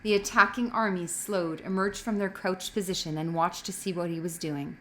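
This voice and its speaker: A woman's voice: lowish voice, fairly even intonation, normal speed, a bit bright, slight background noise. A woman reading a novel aloud expressively, with occasional slips that she corrects as she goes. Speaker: reader.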